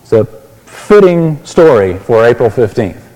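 Male pastor, sermon, mellow voice, long hall reverb, asks the congregation questions. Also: mid-range voice, sing-song, a little slow. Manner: explains a Bible passage, asks the listeners questions.

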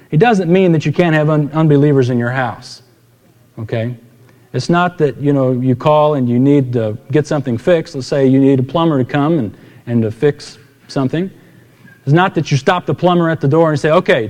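A man's voice: fairly high pitch, darkish tone. A man preaching a sermon as pastor, conversational and storytelling, acting out the dialogue of the people in his anecdotes. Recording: long hall reverb.

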